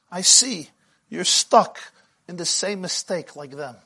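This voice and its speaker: A male rabbi teaching a Torah class, speaking a flavor. His husky voice sits fairly high for a man and swings widely in pitch. He grows animated and at times rises to shouting as he tells the story. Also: a little slow. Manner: animated, rises to shouting when retelling the midrash. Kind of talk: lively Torah lecture.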